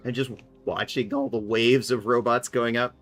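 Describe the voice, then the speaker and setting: A woman's voice: extremely low pitch, steady tone, a little slow, faint music behind. A woman casually chatting and thinking aloud while she plays a game on a live stream, sometimes mocking herself. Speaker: livestreamer.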